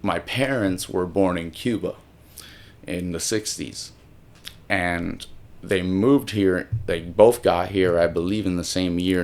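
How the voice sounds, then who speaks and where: A young man from Miami rambling casually on camera, with many restarts and some swearing, moving between English and Spanish. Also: sits low. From Miami, Florida. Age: young adult. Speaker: solo video host. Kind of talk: casual monologue.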